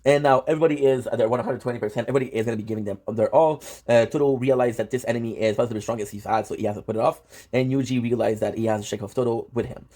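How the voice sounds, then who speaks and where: A man giving casual, excitable reaction commentary on a manga, swearing often and full of fillers and restarts. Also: mid-range voice, racing, hardly any pauses. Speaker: manga reviewer.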